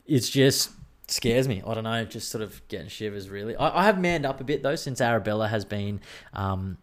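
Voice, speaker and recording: Low-voiced Australian man, rambling and profane. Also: lively intonation, moderate pace. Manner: rambling, profane, self-mocking banter. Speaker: podcast host. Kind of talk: casual solo podcast chat.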